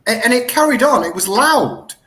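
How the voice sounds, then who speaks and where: A middle-aged man telling a story as a guest in an interview, excitable and animated, often restarting his sentences. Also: very high-pitched, moderate pace. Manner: animated, excitable retelling with lots of self-corrections. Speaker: guest researcher.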